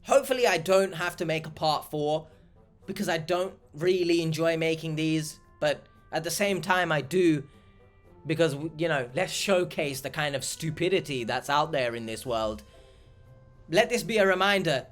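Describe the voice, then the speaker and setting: Young male vlogger, high-pitched, sarcastic and exasperated, faint music underneath. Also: normal speed, a bit bright. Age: young adult. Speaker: YouTuber reacting to comments. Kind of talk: casual reaction vlog.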